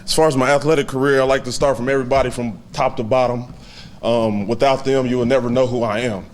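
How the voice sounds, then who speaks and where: A man in his twenties giving a heartfelt, halting acceptance speech to a banquet audience, with many fillers. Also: mid-range voice, fairly even intonation. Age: 20s. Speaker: hall of fame inductee giving a speech.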